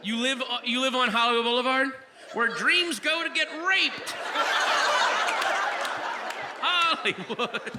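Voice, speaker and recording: A man doing a live stand-up set in a comedy club, ranting profanely and shouting at the audience. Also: extremely high pitch, takes it slowly, long pauses, big-room sound. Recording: live club recording, crowd and room noise.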